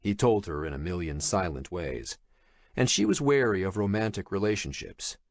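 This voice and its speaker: A man narrates a thriller audiobook, his low voice moving expressively through the lines. He reads in a measured way. The recording is close and dry. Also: animated, no room sound. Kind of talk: scripted horror thriller narration.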